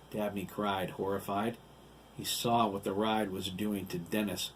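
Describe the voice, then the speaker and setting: A man narrating his own novel as an audiobook, in steady, deliberate storytelling. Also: on the low side, slightly rough.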